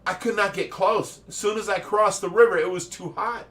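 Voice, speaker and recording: Brief: Ohio man, casual host, lively storyteller, slightly higher voice, heard a little off-mic. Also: fairly quick, distant mic. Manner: animated storyteller, laughs often. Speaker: fish rescue owner, livestream host. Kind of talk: casual livestream chat.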